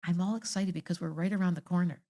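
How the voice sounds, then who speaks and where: Lively older woman astrologer, theatrical. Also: on the low side, quick pace. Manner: theatrical storytelling, acting out quoted voices. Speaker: astrologer guest. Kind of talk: animated podcast conversation.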